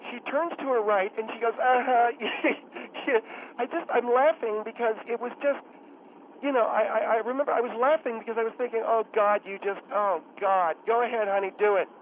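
Brief: man putting on a catty, rambling middle-aged woman caller, high voice, phone-line sound. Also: normal speed, slight background noise. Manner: rambling, indignant, mocking.

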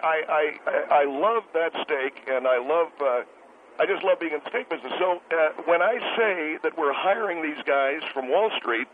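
A man's voice: on the high side, animated, normal speed, natural voice. A man playing a bitter, pompous restaurant owner on a phone line. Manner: indignant, stammering, pompous. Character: bitter, self-important male restaurant owner caller. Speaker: caller on a talk show. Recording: tinny phone line with hiss.

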